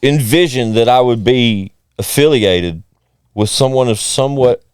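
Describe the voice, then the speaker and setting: A man's voice: medium pitch, measured pace, smooth, no echo, clean studio sound. A man hosting a podcast, reacting enthusiastically in casual chat, with frequent swearing. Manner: enthusiastic, profane interjections. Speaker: podcast host.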